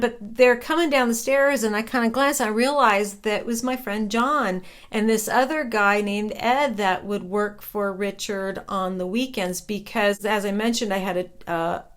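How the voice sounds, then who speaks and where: A woman's voice: medium pitch, fairly even intonation, measured pace, fairly bright tone. A woman telling a personal ghost story in a chatty, conversational way, often checking in with "right?".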